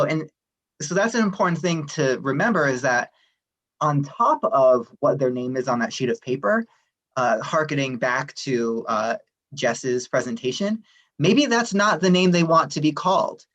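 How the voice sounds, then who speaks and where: A man's voice: mid-range voice, low-quality recording. Friendly man presenting a workshop. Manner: friendly, even, many "um" fillers. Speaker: workshop presenter, administrative assistant. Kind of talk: explanatory workshop talk. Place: online workshop session.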